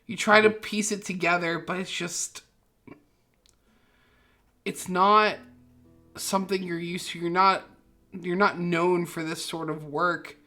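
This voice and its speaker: Female game master: unhurried, vivid storytelling, crisp bright voice. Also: on the low side, fairly even intonation, soft background music. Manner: vivid, gory descriptions with many fillers. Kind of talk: narrating a tabletop game.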